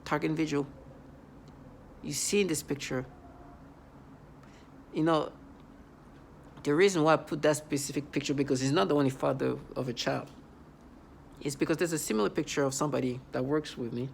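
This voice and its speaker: A vlogger speaking in a halting, repetitive, accusatory monologue. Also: mid-range voice, gravelly, slight background noise. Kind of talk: angry vlog monologue.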